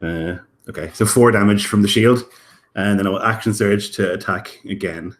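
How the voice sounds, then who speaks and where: A man's voice: lowish voice, moderate pace, background noise. A man playing a tabletop game, casually describing his character's moves and dice rolls. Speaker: player.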